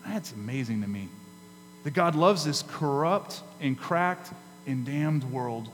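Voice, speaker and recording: A man's voice: mid-range voice, lively intonation. Man preaching in a reverberant hall. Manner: emphatic preaching with dramatic pauses and rises. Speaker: pastor. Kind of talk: sermon. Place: church sanctuary. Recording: hall reverb with faint mains hum.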